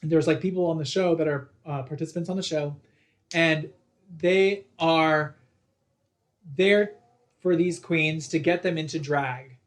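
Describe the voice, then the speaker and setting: A man's voice: fairly high pitch, measured pace, long pauses. A young man co-hosting a podcast in casual chat, rambling with lots of "like" and acting out quotes. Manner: rambling, full of "like", acts out quotes. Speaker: podcast co-host.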